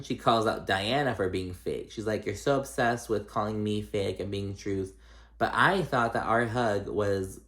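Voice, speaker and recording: A man recapping a reality show in casual, chatty talk, animated and swearing freely. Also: on the low side. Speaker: recap vlogger.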